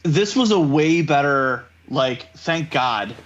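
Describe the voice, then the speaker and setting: A man co-hosting a podcast in casual chat, excitable and quick with asides, swearing freely. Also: fairly high pitch. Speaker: podcast co-host. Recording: slightly dull lo-fi sound.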